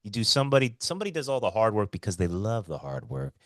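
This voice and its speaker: Lively, gravelly-voiced man chatting on a podcast. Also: quick pace, no echo, studio quality. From Hawaii. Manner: animated storytelling, jumps up in pitch for emphasis. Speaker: podcast co-host. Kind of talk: casual comedic chat.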